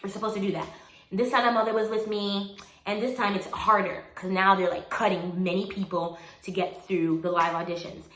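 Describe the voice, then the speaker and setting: Speaking at a medium pitch and a little fast, a twenty-something woman recounts a personal story to camera in a casual way. She laughs a lot and acts out people's lines with animation, in an echoey room with faint noise.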